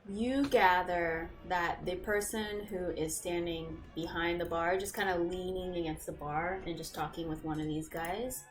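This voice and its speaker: A woman narrating a tabletop game as game master, playful and quick to laugh, with quick asides. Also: lowish voice, steady tone, faint music behind.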